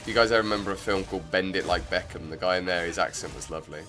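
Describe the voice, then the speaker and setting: A man's voice: low-pitched, very fast, sharp tone, soft background music. A man streaming a game, chatting casually and rambling with lots of filler words. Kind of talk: casual gameplay commentary.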